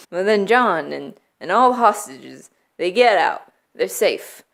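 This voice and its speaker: A young adult woman vlogger retelling movie plots from memory in a playful, deadpan way, laughing often. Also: medium pitch, unhurried, vocal fry. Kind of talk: comedic movie recap from memory.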